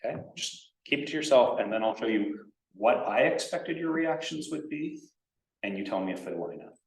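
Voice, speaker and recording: A man giving a conference writing workshop in a casual, animated way, acting out example sentences. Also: medium pitch, moderate pace, gravelly. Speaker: workshop presenter. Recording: echoey room, distant from mic.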